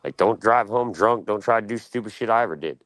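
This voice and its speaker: A man's voice: on the low side, fast, fairly bright tone. An American man on a livestream panel, rambling casually and swearing a lot, calling everyone "dude" and "dog.". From United States. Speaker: panel guest.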